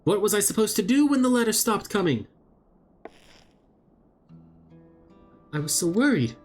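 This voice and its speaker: A man voicing an anxious young woman who scolds her reckless friend in a raised, shrill tone while reading game dialogue aloud. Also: big pitch swings, normal speed, mellow, faint music behind. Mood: exasperated scolding.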